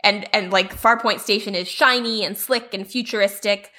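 Woman, podcast co-host, casual chat, chatty, mid pitch. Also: steady tone, normal speed, sharp tone. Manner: chatty, lots of fillers and laughs. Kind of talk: casual chat recapping a TV episode.

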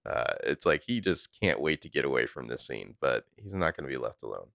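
A podcast co-host with a gravelly bass voice, big pitch swings and a fairly bright tone recaps a TV episode scene by scene in casual chat. He's laid-back, tossing in quick quoted lines and the occasional swear word, and the studio-quality audio has no room sound.

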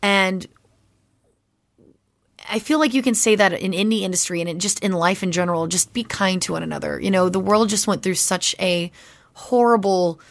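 A woman voice actress chatting casually as a podcast guest, animated and full of fillers. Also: mid-range voice, moderate pace, vocal fry, dry recording. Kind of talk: casual interview chat.

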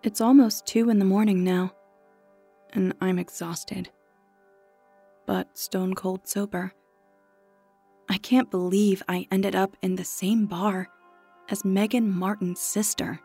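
A woman reading a first-person story aloud in a measured narration, dropping to a hush at tense moments. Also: medium pitch, fairly even intonation, slightly rough, no echo, faint music behind. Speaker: audiobook narrator.

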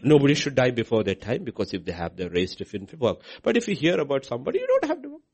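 A man preaching a sermon as pastor, swinging between hushed lines and loud, high outbursts. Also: huge pitch swings, quick pace, breathy edge.

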